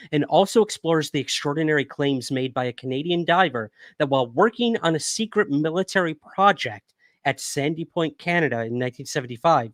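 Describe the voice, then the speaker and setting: A man's voice: a little high, dry recording. Chatty male livestream host, dry sound. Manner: chatty, addresses viewers as guys, reads articles aloud. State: hiccuping after drinking whiskey. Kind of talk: casual news rundown livestream.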